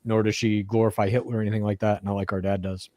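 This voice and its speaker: A man's voice: lowish voice, level tone, fast talker, warm tone, no echo, clean studio sound. A man co-hosting a podcast in casual chat, bluntly reading listener comments and swearing freely. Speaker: podcast co-host.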